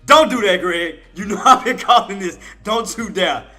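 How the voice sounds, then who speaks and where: A man's voice: sits high, expressive, normal speed, bright, forceful tone. A man hosting a day-trading live stream, chatting casually and teasing playfully, laughing often.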